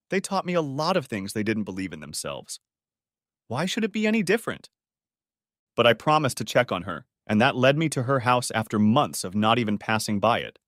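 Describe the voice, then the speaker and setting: A man narrating a first-person audiobook story in a reflective, emotional way. His voice is lively, rising and falling widely. The recording is close and dry. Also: medium pitch, no room sound.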